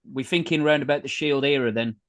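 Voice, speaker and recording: A man's voice: mid-range voice, fairly quick, fairly bright tone. A man co-hosting a casual podcast, teasing his co-host while he asks quiz questions and reels off facts. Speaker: co-host and quizmaster.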